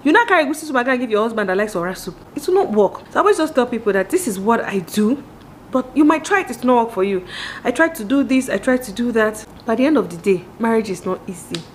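Fast-talking Nigerian woman vlogger. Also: on the high side, slight background noise. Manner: animated, acts out quoted voices and talks straight to the viewer. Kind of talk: candid monologue on marriage.

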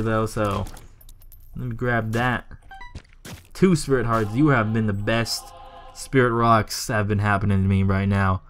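A young man commentating his own game play, joking, swearing and talking back to the game, his voice jumping high when he gets irritated. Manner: excitable, swings into high yelps when irritated; jokey, swears, talks to the game. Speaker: gaming YouTuber.

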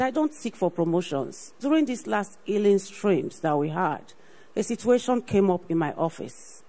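A woman's voice: on the low side, dark tone, rough recording. A woman, a ministry partner, gives an earnest personal faith testimony on stage, often saying "you know" and repeating herself. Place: on stage at a church program.

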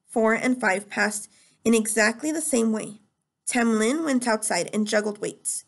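A woman teacher reading a novel aloud in a steady, plain storytelling manner. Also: on the high side, vocal fry.

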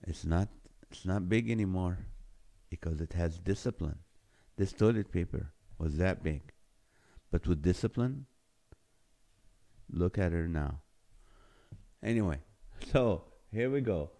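Deep, warm and expressive, the middle-aged host speaks unhurriedly and pauses often as he reads viewers' comments aloud on his live stream. The tone is casual, jokey and playful, with frequent laughter at the jokes.

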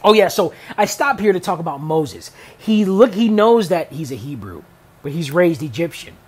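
Rambling man reading scripture, pitched high. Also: animated, normal speed, darkish tone, slightly rough. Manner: rambling, repeats words, many fillers. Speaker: Bible teacher on a video channel. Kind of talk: reading scripture with casual commentary.

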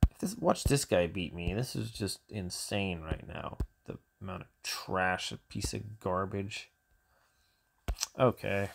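A man's voice: sits low, takes it slowly, vocal fry, background noise. A man commentating his own gameplay for his channel, grumbling and exasperated, often sighing. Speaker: gaming channel host.

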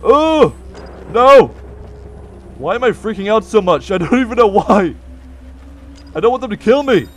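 A man's voice: high voice, big pitch swings, normal speed. A man hosting a gameplay video who gets startled easily and laughs at himself as he plays. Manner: jumpy, easily startled, giggly. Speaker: let's play host. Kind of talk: gameplay commentary.

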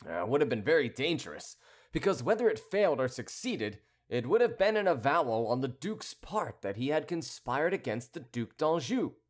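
A man's voice: mid-range voice, sing-song. A man as a sly, courteous townsman. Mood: teasing. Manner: polite, measured, teasing. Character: sly, composed male townsman who likes to tease.

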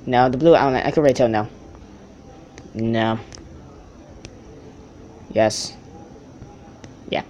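A young man giving casual, rambling commentary while playing a card game on a tablet, often correcting himself and getting excited over good pulls. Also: mid-range voice, slow pace, pauses often, slight background noise. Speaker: mobile game player. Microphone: tablet's built-in mic.

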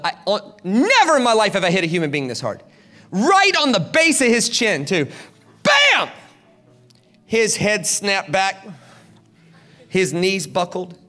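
A man from South Carolina, a guest preacher telling stories in an animated, dramatic sermon at a church service. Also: fairly high pitch. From South Carolina, USA. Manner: animated, dramatic, acts out quotes. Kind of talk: storytelling sermon. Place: church service, large hall.

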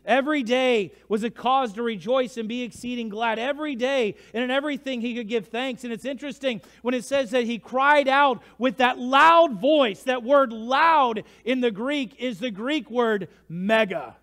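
High-voiced pastor preaching dramatically. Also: male voice, normal speed, hardly any pauses. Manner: dramatic storytelling, swings from hushed to shouting. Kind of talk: sermon. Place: church sanctuary. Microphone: livestream church mic.

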